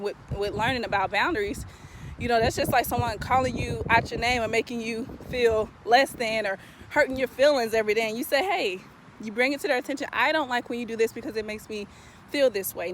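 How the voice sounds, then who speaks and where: Woman vlogger, higher voice, emphatic chatty delivery, recorded outdoors while walking. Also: a little hiss or hum. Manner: animated, emphatic storytelling, addresses viewers as y'all. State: slightly out of breath while walking. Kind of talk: casual talking-head vlog. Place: outdoors in a park.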